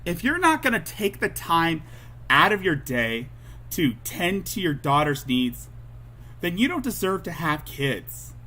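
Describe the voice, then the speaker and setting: A man's voice: fairly high pitch, very animated, a little slow, pushed and bright. A man hosting a livestream, reacting to clips with angry, profane ranting. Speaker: livestream host.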